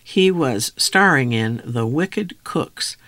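A man's voice: mid-range voice, expressive, slow pace, a bit bright, dry recording. A man reading his own memoir aloud in a reflective, wry first-person storytelling manner. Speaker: memoir narrator.

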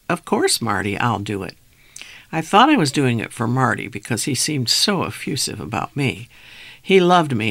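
A man's voice: medium pitch, vocal fry, fairly bright tone, no room sound. A man reading his own memoir aloud in a reflective, wry first-person storytelling manner. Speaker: memoir narrator.

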